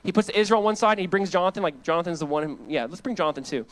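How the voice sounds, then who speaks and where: A man's voice: sits high, very fast. A young adult man, a pastor, preaching a sermon. He reads scripture and retells it in casual words, and laughs between his points. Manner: animated, reads scripture aloud and paraphrases it casually.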